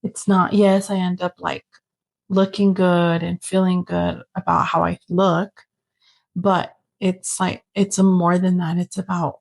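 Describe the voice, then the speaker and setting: Gravelly, warm-voiced woman podcast host. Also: lowish voice, little pitch movement, a little slow, poor audio. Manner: earnest, open, with many "like" fillers. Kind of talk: personal podcast monologue.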